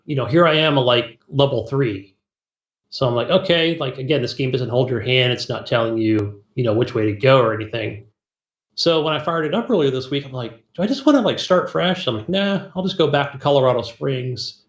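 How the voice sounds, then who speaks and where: A man's voice: mid-range voice, reverberant. A man co-hosting a podcast, telling a rambling, laughing story about a video game and acting out its dialogue. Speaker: podcast co-host. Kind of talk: casual gaming chat.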